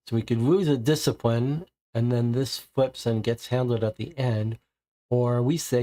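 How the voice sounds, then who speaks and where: A man's voice: mid-range voice, steady tone, measured pace, warm tone. Man thinking aloud over a board game. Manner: deliberating, muttering options to himself. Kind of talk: reading card text and thinking aloud during solo play.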